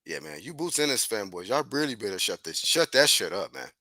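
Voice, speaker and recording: A young man giving casual, profane, animated commentary, constantly dropping "man". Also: lowish voice, a little fast, no echo. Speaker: commentary host.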